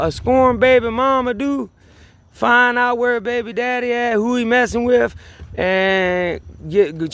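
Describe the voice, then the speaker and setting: A man with a high, gravelly voice tells his side of a story in a rambling rant. He sounds agitated and swears freely, circling back to repeat his point and restarting his sentences. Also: a bit bright, dry recording. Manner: agitated, profane, repeats himself, many restarts. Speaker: vlogger. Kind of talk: rambling personal rant to camera.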